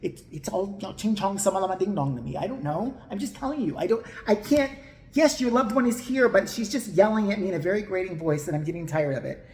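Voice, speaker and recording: Brief: vague, whiny young male psychic, put on by a man, with a lively pitch, in an echoey room. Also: quick pace, slight background noise. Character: mocking impression of a young male psychic medium. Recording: roomy echo.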